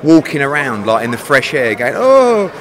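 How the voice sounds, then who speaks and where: A man in his forties, a boxing promoter, teasing and mocking his interviewer in animated, swearing banter outdoors. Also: mid-range voice, brisk, crowd noise. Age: 40s.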